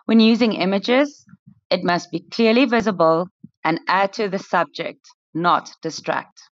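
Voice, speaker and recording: A woman's voice: medium pitch, measured pace, no echo. Formal young woman, dry lo-fi recording. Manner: formal, welcoming opener. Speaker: student presenter. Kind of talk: reading a prepared class podcast script.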